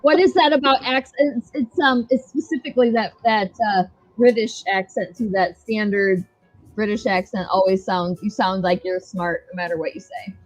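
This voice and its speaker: A woman's voice: medium pitch, steady tone, normal speed. A woman hosting a casual online chat, talking loosely, laughing often and swearing freely. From United States. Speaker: host. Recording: dull lo-fi sound, faint music.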